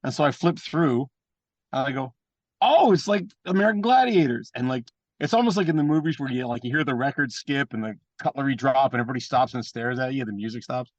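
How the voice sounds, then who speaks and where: Man, wrestler guest, rapid blunt storyteller, dry muffled audio. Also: medium pitch, no room sound. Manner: animated anecdotes with mimicked voices; profane and blunt. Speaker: guest, pro wrestler and trainer. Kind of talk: casual storytelling interview.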